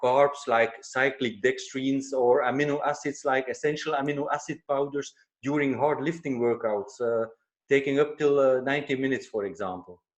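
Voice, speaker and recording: A man's voice: mid-range voice, normal speed. A man interviewing, reading out listener questions with a hesitant delivery full of filler sounds.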